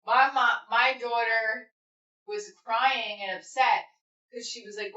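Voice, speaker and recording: Woman host, bright voice, candid, swears a lot, echoey slightly dull room sound. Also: on the high side, fairly even intonation, slow. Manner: candid and rambling, swears freely. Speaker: livestream host. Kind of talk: casual chat with live viewers.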